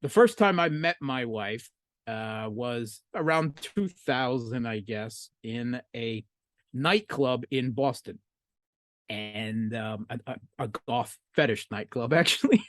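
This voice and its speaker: A middle-aged American man answering interview questions from home, halting with many fillers and restarts, his tone often sardonic. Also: medium pitch, expressive, slight background noise. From United States. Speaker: podcast guest, analyst. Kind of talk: casual interview talk.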